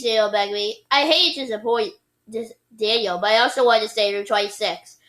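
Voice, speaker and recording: A woman's voice: medium pitch, brisk, fairly bright tone, poor audio. A woman reading a children's book aloud expressively, with playful sound effects and occasional slips. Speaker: reader.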